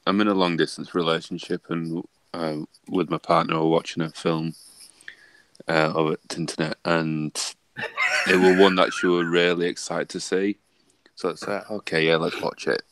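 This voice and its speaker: A man with a Northern English accent on a casual livestream chat. His humour is dry and deadpan. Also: sits low, normal speed, no room sound. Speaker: livestream guest.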